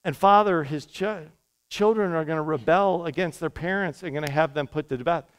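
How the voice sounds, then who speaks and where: Male pastor, high clear voice, lively conversational sermon delivery. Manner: energetic, conversational preaching with quick asides. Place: church sanctuary.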